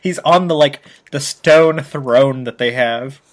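A man co-hosting a podcast, recapping a TV episode in animated casual chat and laughing often. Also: mid-range voice, slow pace, crowd noise. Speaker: podcast co-host.

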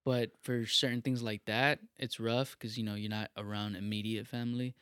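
A young man in casual chat, talking in a relaxed, rambling way and repeating himself often. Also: lowish voice, moderate pace, clean tone, no room sound, studio quality.

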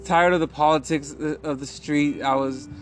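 Man, slightly high voice, halting candid delivery, faint music under. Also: steady tone. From California. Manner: halting, with many restarts and pauses. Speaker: guest sharing recovery story. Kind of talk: candid conversational interview.

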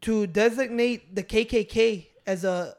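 Podcast co-host, a man, fairly high voice, heated rant. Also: unhurried, a little mellow. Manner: heated, ranting, swears often. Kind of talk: casual profane chat.

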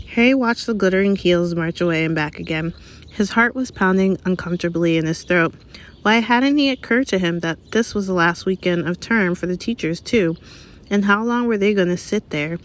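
A woman reading a chapter of a novel aloud in a measured, even storytelling manner. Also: fairly low pitch. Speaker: reader. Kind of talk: read-aloud audiobook narration.

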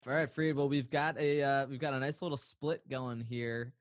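A man's voice: mid-range voice, fairly even intonation, normal speed. A man co-hosting a podcast in casual chat, playful and rambling, laughing often. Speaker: podcast co-host.

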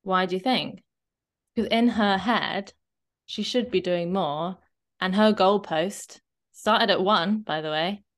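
A woman fitness coach co-hosting a podcast, chatting casually and often checking in with a quick "right?". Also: medium pitch. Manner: chatty, animated, often tags a questioning "right?".

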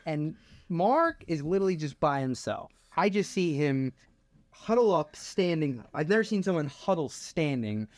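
A young man with a slightly high voice tells his own side of childhood stories in a relaxed podcast chat. He is laid-back and chuckles as he talks, and the close mic sounds dry. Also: normal speed, no room sound. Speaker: podcast co-host. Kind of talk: casual storytelling chat.

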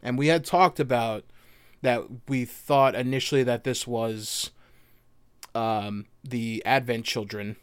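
A man's voice: mid-range voice, fairly even intonation, takes it slowly, clean tone, dry recording. A man co-hosting a podcast, loose and chatty, swearing casually as he breaks down a video game. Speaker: podcast co-host.

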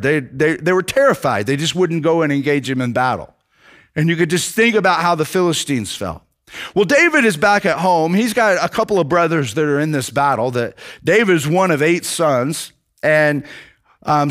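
A man preaching a sermon, retelling a story with lively acted-out quotes, casual fillers. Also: on the high side.

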